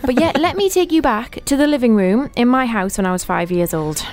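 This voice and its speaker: A woman's voice: on the high side, lively intonation, fairly quick, a little mellow. A woman with a northern English accent, co-hosting a radio interview in a chatty, playful way. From northern England. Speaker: radio co-host.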